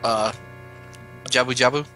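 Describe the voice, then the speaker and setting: A man's voice: medium pitch, steady tone, unhurried, sharp tone, soft background music, low-quality recording. A man sitting in as a friend on a game livestream, making dry offhand jokes. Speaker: co-host friend. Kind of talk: casual gameplay commentary.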